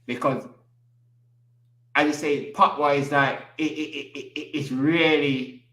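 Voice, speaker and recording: Animated man with street slang. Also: fairly high pitch, measured pace, roomy sound. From England. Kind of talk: casual chat.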